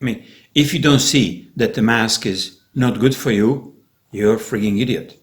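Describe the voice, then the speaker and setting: A man rants through a rambling vlog monologue at a middle pitch. He talks sarcastically and conspiratorially, often stopping and restarting his sentences. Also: normal speed. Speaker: vlogger.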